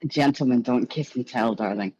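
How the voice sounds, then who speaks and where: A woman's voice: very deep voice, normal speed, a little mellow, lo-fi sound, a little hiss or hum. A woman voicing a tall, flamboyant male drag club host with an attempted Irish accent, sultry and teasing. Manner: sultry, teasing, calls people darling.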